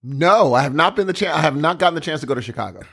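A man's voice: on the high side, animated, rapid-fire, gravelly, pushed and bright, husky. A man co-hosting a casual podcast, giving wry, teasing short replies. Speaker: podcast co-host. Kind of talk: casual chat.

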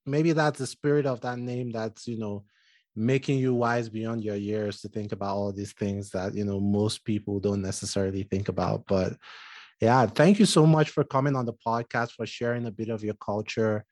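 A man's voice: on the low side, fairly even intonation, normal speed, a little mellow, no room sound. A man from Southern Nigeria hosting a podcast, chatting casually with a guest and using lots of "you know" fillers. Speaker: podcast host. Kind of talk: casual interview chat.

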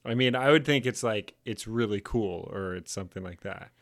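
A man's voice: on the low side, moderate pace, a bit bright. A man co-hosting a casual podcast chat, laid-back and joking, with self-mocking asides. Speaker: podcast co-host.

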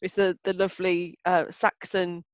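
A woman's voice: on the low side, little pitch movement, moderate pace, no room sound. A woman with a mild Black Country accent hosting a casual podcast chat, giggly with wry asides. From Black Country, England. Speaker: podcast host. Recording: dull lo-fi sound.

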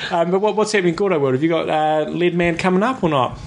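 A man co-hosting a relaxed podcast. His voice has a gravelly edge, and he keeps his remarks dry and understated. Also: fairly high pitch, fast, slight background noise. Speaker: podcast co-host. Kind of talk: casual podcast chat.

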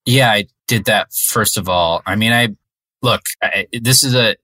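A man's voice: on the low side, unhurried, pushed and bright, dry recording. A man in an improv comedy sketch, talking in a laid-back, grumbling way.

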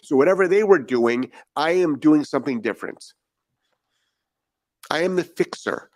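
A man's voice: a little high, lively intonation, normal speed, no echo. A man talking as a dog trainer in a podcast monologue, blunt and profane and firing off rhetorical questions.

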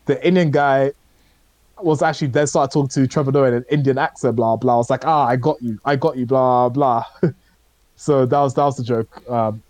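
A man's voice: medium pitch, darkish tone, dry recording. Hesitant man rambling on a podcast. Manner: rambling, hesitant, many fillers. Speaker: podcast co-host. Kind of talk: casual chat reviewing shows.

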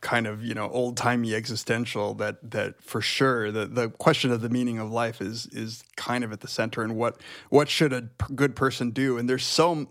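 A middle-aged man with a gravelly edge muses about a film, stalling and repeating words as he gathers his thoughts. His voice is mid-pitched and sits dry and close. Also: little pitch movement, a bit bright, no room sound. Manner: halting, repeats words while searching for thoughts. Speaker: podcast panelist. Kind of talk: casual film discussion.

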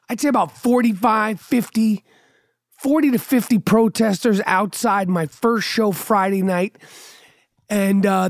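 A man's voice: high-pitched, no room sound, clean studio sound. A middle-aged man hosting a podcast, rambling through a casual, profane and sardonic monologue. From New York. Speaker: podcast host.

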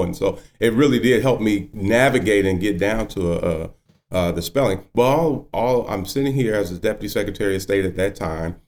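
A man's voice: fairly low pitch, darkish tone. A man in his fifties, a judge, telling his personal story earnestly and with emotion. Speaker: guest, county judge.

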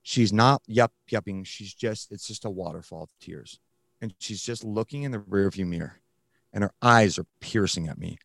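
A man, a guest on a talk show, telling his personal story candidly in casual slang, often halting and restarting. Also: fairly low pitch, gravelly, a bit bright, dry recording, clean studio sound. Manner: blunt, casual, uses slang. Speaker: guest recounting his addiction recovery.

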